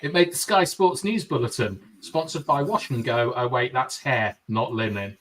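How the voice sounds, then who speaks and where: Guy reading out chat on a live stream, bright tense voice, kinda far from the mic. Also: mid-range voice, moderate pace. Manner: reads comments aloud, jokey asides. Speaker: podcast host reading viewer comments.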